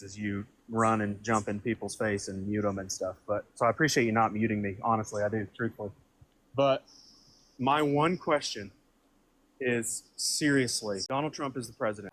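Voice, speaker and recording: A man's voice: mid-range voice, slight background noise, poor audio. A man calling into a livestream debate, repeating himself insistently and appealing to his faith. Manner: repetitive, insistent, religious appeals. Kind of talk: heated debate.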